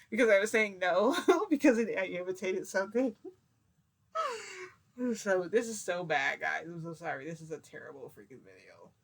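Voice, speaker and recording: A woman's voice: lowish voice, normal speed. A woman vlogger telling a story in a rambling, giggly, confessional way, with many fillers. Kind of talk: casual storytime vlog.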